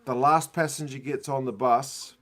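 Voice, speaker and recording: A man's voice: medium pitch, fairly even intonation, normal speed, fairly bright tone. Man telling a rambling, self-mocking story. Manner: rambling, self-mocking anecdote with frequent laughs. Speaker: rugby channel host. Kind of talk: casual storytelling during a watch-along.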